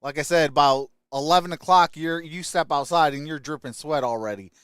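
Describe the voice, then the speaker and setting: A man's voice: on the high side, a little fast, a bit bright, clear, resonant tone, dry recording, studio quality. A man hosting a casual live stream, upbeat, greeting viewers by name and reading their comments aloud. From Michigan.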